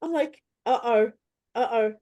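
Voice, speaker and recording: A woman tells a story in casual chat, her voice pitched a little high. She acts out her own reactions with animation. The sound is close and dry. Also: measured pace, dark tone, no echo, dull audio. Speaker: host.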